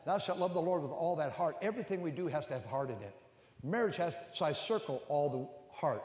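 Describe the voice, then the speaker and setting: An older man preaching a sermon as a pastor. He climbs to loud, emphatic peaks and then drops low and close. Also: expressive, fairly quick. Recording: echoey hall with long reverb.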